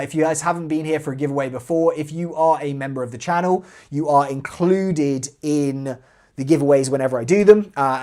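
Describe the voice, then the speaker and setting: A man's voice: medium pitch, a little mellow. Chatty man hosting a live stream. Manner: chatty, reads out viewer comments. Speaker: airsoft channel host. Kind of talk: casual live stream chat.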